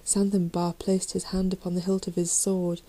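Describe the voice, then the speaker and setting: Mellow low-voiced woman reading a storybook. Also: little pitch movement, normal speed, poor audio. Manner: dramatic reading, raising voice for shouted lines. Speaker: audiobook reader. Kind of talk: storybook narration.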